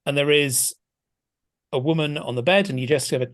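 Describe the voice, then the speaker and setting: A man's voice: fairly high pitch, a little fast. Hesitant, thoughtful man. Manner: thoughtful, hesitant, many restarts. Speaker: film scholar guest. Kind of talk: casual podcast discussion.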